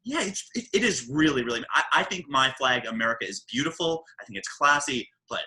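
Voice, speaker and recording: Bright, lively New York man hosting. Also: mid-range voice, a little fast, low-quality recording. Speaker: podcast host. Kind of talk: casual podcast chat.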